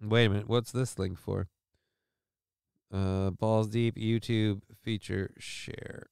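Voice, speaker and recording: A man's voice: lowish voice, little pitch movement, slow pace, creaky, a little mellow, clear, resonant tone, no room sound, clean studio sound. A man hosting a live stream show, talking casually and rambling through news stories in a crude, sarcastic way with lots of swearing.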